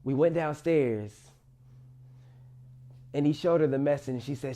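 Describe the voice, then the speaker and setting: A young man telling his own life story as a monologue, rising loud in places and sinking quiet in others. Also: a little high, measured pace, long pauses. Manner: emotional, rises loud then drops quiet. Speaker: motivational storyteller.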